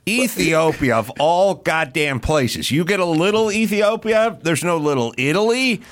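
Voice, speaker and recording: A man's voice: on the high side, expressive, unhurried, fairly bright tone. Jokey blunt male podcast host. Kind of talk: casual podcast chat.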